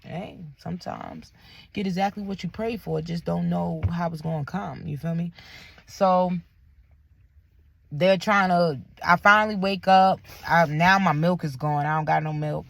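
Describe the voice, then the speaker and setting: A woman's voice: on the low side, steady tone, a little slow, vocal fry. Young woman telling a candid story. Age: young adult. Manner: candid, emphatic, slangy with faith phrases. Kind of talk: personal storytelling to camera.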